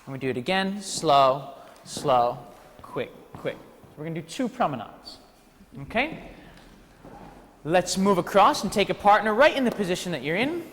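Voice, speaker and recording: An energetic man teaching a ballroom class, calling out counts with a lively, swooping delivery and a fairly high voice. His words ring out with a long reverb. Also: normal speed, pauses often, slight background noise. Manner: energetic, counts steps aloud, playful asides. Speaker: dance teacher. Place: dance studio hall.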